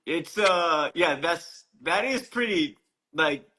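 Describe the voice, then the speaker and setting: Man, from Hawaii, podcast host, easygoing, slangy, bright voice, slightly high pitch. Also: expressive, takes it slowly, low-quality recording. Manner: easygoing, surfer-ish slang, "dude", frequent restarts. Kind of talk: casual chat.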